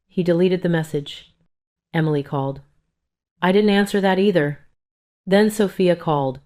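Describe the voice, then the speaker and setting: A woman narrating a first-person family story in an even, somber manner. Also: deep voice, normal speed.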